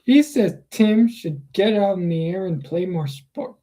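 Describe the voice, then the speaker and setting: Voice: mid-range voice, expressive, unhurried, dark tone. A reader voicing a spoiled young girl in a snippy, haughty tone.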